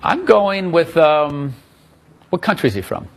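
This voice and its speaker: A man teaching magic to a live audience in a room, answering questions in a joking, animated, self-mocking way. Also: fairly high pitch, a little slow, slight background noise.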